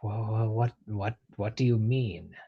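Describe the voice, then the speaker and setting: A man's voice: lowish voice, takes it slowly, gravelly, slightly rough, exaggerated voice. A man playing a stammering, cowardly creature. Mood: frightened pleading. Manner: stammering, fearful, pleading. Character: cowardly male creature tormented by bloodlust. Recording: dull lo-fi audio.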